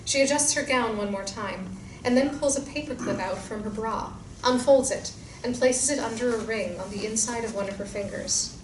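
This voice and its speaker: A woman reading stage directions aloud in a screenplay reading, in a clear, measured way. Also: a little high. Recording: roomy distant sound with background noise.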